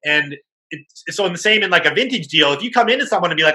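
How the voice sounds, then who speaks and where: A man's voice: high-pitched, lively intonation, very fast, bright, forceful tone, poor audio. A man hosting a podcast, talking in casual, profane chat. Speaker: podcast host.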